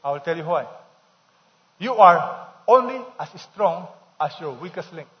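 A man's voice: fairly high pitch, expressive, a little slow. A man preaching a sermon, emphatic, repeating key phrases and leading the congregation in call-and-response. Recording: dull sound with long hall reverb.

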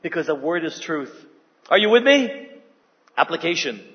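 High-voiced man preaching a sermon. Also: big pitch swings, moderate pace, dull audio. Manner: emphatic preaching with call-and-response questions. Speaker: pastor. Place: church hall.

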